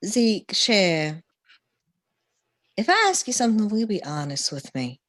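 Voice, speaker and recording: A woman's voice: medium pitch, sing-song, a little slow, fairly bright tone, no echo. A woman voicing a fussy, motherly male mentor figure who calls everyone honey, with a put-on drawl. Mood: concerned. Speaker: tabletop player.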